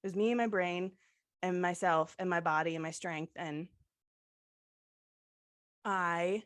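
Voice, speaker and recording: A woman's voice: lowish voice, steady tone, measured pace. A young adult woman co-hosting a podcast, retelling a personal story in a heartfelt way and leaning on the filler "like". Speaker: podcast co-host.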